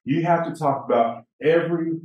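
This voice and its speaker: A man's voice: fairly high pitch, normal speed, muffled recording. Roomy, far-off man teaching a class. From Native American, Apache. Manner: conversational, asks the room questions, tells stories. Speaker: presenter training teachers. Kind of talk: conference presentation to an audience. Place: conference session room. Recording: echoey room, mic far off.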